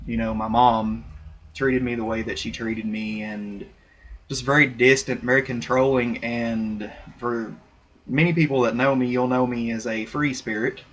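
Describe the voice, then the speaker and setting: A man's voice: medium pitch, fairly even intonation, unhurried. A young man recording himself on a laptop webcam, telling a personal story in a rambling, candid way full of fillers and restarts. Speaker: vlogger. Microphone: laptop webcam mic.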